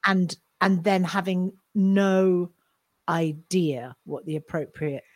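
A woman co-host chats casually and keeps agreeing with the others. Her voice sits fairly low, and it is recorded close and dry with no room sound. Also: steady tone, takes it slowly, no room sound. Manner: chatty, with lots of agreeing yeahs. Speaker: podcast co-host. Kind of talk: casual chat.

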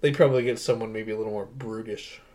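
A man's voice: fairly low pitch, steady tone, quick pace, darkish tone, slight background noise. Young male podcast co-host, eager and rambling, casual movie talk, laughs a lot. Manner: enthusiastic, rambling, laughs often. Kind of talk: casual movie review chat.

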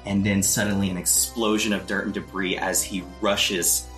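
A man with a low yet bright, forceful voice narrates a tabletop game as its game master. He tells the scene in a measured, descriptive way. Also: little pitch movement, faint music behind.

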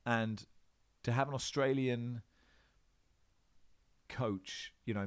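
A man, a football presenter living in Australia, chatting in an interview with lots of restarts and fillers. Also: fairly low pitch. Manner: rambling, animated, many restarts. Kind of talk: casual interview chat. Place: home in Australia.

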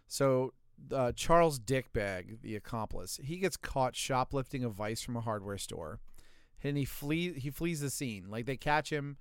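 A man from the US Deep South with a Southern accent, co-hosting a podcast and telling a story in a profane, joking way. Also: clean tone, dry recording, clean studio sound. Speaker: podcast co-host. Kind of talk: casual podcast banter.

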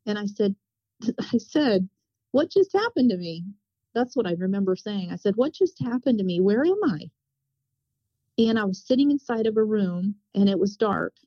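A woman's voice: medium pitch, no room sound. Woman, earnest testimony, repetitive retelling, dry muffled recording. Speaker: testimony speaker. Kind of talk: personal spiritual testimony. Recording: dull, dry, lo-fi sound.

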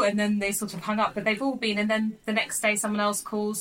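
A woman in her thirties co-hosting a casual podcast chat, talking in quick restarts and acting out voices when she tells stories. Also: mid-range voice, level tone, a bit bright, low-quality recording. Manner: chatty, restarts a lot, acts out voices in anecdotes. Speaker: podcast co-host. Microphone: video call.

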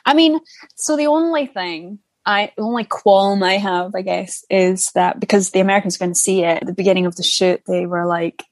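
A woman's voice: medium pitch, brisk, no room sound. Chatty scottish woman, young, dry sound. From Scotland. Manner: chatty, swears freely, laughs often. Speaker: actor guest. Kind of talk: casual chat.

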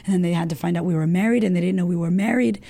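A woman's voice: on the low side, rapid-fire, vocal fry, dark tone, no echo. A woman guest in an interview, telling a personal story casually and candidly, swearing often and filling her talk with "like".

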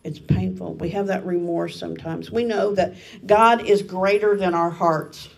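A woman's voice: fairly low pitch, fairly even intonation, measured pace, creaky, recorded from a distance, poor audio. A woman family pastor giving a sermon in an earnest, self-deprecating way, laughing at herself.

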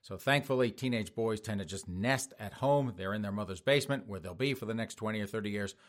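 A man's voice: fairly low pitch, fast talker. A middle-aged man hosting a talk show, reading news items and mocking them in a sarcastic commentary style. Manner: mocking, sarcastic, laughs at own jokes. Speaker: podcast host.

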